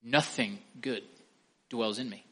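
A man preaching an expository sermon, emphatic, asking the listeners questions and slowing down or speeding up for stress. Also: mid-range voice, sharp tone. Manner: emphatic, asks the listeners questions, varies pace and volume for stress.

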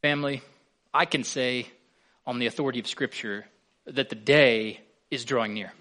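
A man's voice: mid-range voice, normal speed, pushed and bright. A man preaching a sermon as a pastor, earnest, with his voice swelling on key words.

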